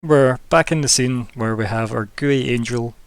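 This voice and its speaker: A man running a tabletop game as game master, narrating casually with quick asides and fillers. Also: medium pitch, clear, resonant tone, no echo. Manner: chatty, fast asides with fillers.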